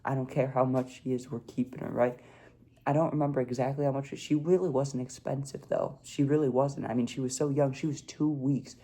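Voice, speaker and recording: A man's voice: mid-range voice, fairly even intonation, brisk, mellow. A young man telling a casual storytime vlog, laid-back and peppering his talk with "dude" and "like". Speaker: vlogger.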